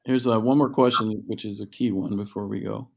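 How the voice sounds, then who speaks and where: A man's voice: fairly low pitch, steady tone, brisk, vocal fry. A man hosting a livestream book event, speaking in an easygoing, hesitant way with many fillers over a video call. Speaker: host. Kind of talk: moderating a livestream Q&A.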